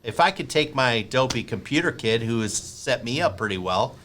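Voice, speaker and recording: A man hosting a podcast interview over a remote call, chatty and rambling, with animated asides. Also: medium pitch, moderate pace. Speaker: podcast host. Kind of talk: interview chat.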